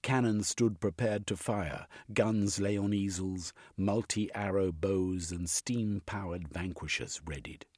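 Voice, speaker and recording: A man narrating an audiobook with a husky voice. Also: low voice, takes it slowly, few pauses, darkish tone, no echo, clean studio sound. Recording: faint music underneath.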